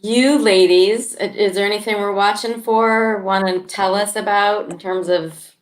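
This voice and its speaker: A woman's voice: medium pitch, steady tone, measured pace. A woman moderating a panel on a video call, asking the guests casual, friendly questions.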